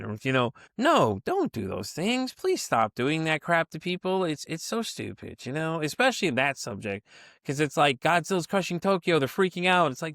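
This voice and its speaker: A man's voice: medium pitch, big pitch swings, brisk, a bit bright, dry recording. Male podcast host, casual and blunt, rambles with fillers, mid-range voice, dry booth sound. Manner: rambling and blunt, with frequent fillers and curse words. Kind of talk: casual conversational interview.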